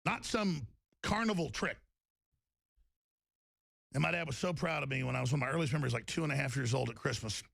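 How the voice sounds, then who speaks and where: A man hosts a radio show in an emphatic, rambling monologue, stumbling over repeated words as he pushes his point. His voice is heavily gravelly, with a mid-range pitch. It is recorded close and dry in a studio. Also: brisk, long pauses, a bit bright, no echo. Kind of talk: impassioned talk-radio monologue.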